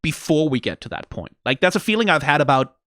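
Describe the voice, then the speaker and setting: Animated man giving casual commentary. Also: a little high, fast, no echo, clean studio sound. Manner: animated, acts out characters' lines mockingly, swears freely. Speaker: reaction video host.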